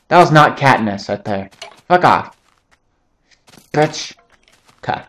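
A man's voice: medium pitch, expressive, takes it slowly, pauses often, a bit bright. A young man giving casual, joking commentary over his own gameplay, rambling between topics and swearing often. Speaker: gaming channel host.

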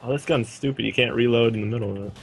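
A young man playing a game with friends, blurting excited reactions and quick laughs. His voice has a gravelly fry to it, pitched in the middle for a man. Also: a little hiss or hum, poor audio. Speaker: gaming channel co-host. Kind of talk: casual gameplay chat.

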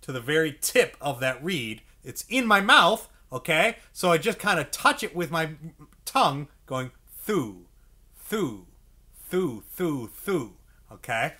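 A man's voice: on the high side, pushed and bright. A man teaching saxophone, explaining step by step, checking in often with "okay?" and acting out the mouth sounds. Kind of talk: instructional music lesson.

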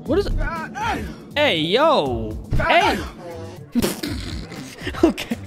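A man's voice: sits high, big pitch swings, normal speed, over music. A man hosting a reaction video, chatting casually, exclaiming often and holding back laughter.

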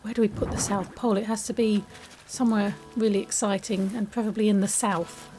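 An English woman giving chatty, excitable, self-mocking let's-play commentary as a gaming YouTuber. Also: medium pitch, fairly quick.

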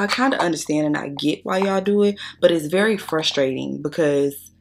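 A woman's voice: fairly low pitch, vocal fry. A young adult woman telling a blunt, profane story to her viewers while doing her makeup. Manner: blunt, profane, chatty, addresses viewers as y'all. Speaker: beauty vlogger.

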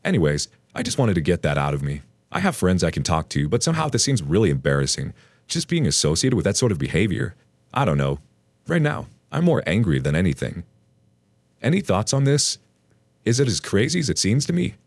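A man narrating a forum relationship story aloud in a wry, animated storytelling manner. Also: sits low, fairly quick, dry recording. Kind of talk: scripted narration of a forum post.

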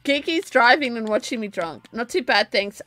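A drunk woman streaming from home, talking loudly, rambling and giggling at a desk mic. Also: fairly high pitch, animated, normal speed. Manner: loud, rambling, laughing. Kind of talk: casual live-stream chat. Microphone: desk microphone.

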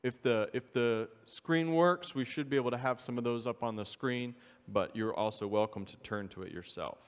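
A man preaching a sermon as a visiting missionary, earnest and steady, reading scripture aloud in old-fashioned wording. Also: mid-range voice, moderate pace, in a large hall. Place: church sanctuary.

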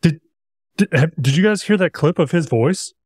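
A man's voice: a little high, expressive, normal speed, darkish tone, husky, no echo, studio quality. Rambling, profane male podcast host. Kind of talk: casual podcast chat.

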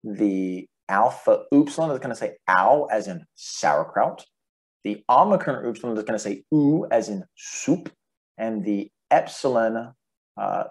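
A man giving a relaxed, chatty video lesson on the Greek alphabet, spelling out letters and their sounds. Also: on the low side. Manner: sings the alphabet in a plain untrained voice. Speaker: Greek teacher.

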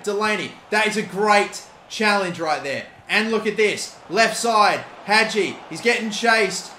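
A young Australian man giving gameplay commentary, excitable, swearing and shouting at big moments. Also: high-pitched, moderate pace, hardly any pauses. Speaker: gaming YouTuber. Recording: echoey room with faint noise.

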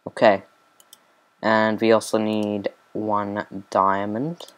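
A man's voice: lowish voice, completely flat delivery, takes it slowly. A man giving casual, rambling commentary over his own gameplay, with mumbled asides and lots of fillers. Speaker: let's play host.

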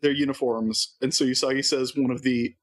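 A podcast co-host recaps a cartoon episode in casual chat, summarizing the plot in a wry, joking way. His voice is medium-pitched with fairly even intonation, and he talks fairly quickly.

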